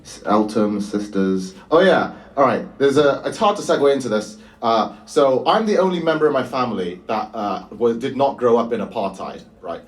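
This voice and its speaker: A man's voice: medium pitch, animated, normal speed, few pauses, far from the mic. A man, doing a live stand-up set with a dry, self-mocking delivery. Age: 20s. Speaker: stand-up comedian. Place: small bar venue with live audience.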